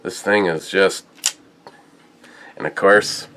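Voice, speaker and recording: A deep-voiced man hosts a casual whiskey tasting vlog. He talks slowly and lets his stories wander, stopping and restarting as he goes. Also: steady tone, fairly bright tone. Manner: rambling, halting storytelling. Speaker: whiskey and beer reviewer.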